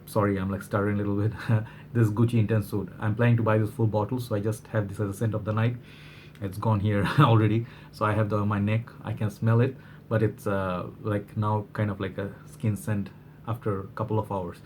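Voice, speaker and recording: A man's voice: on the low side, flat delivery, a little fast, a little mellow, slight background noise. A man from Bangladesh reviewing a fragrance in a casual vlog, rambling with many fillers and restarts, his voice slightly worn.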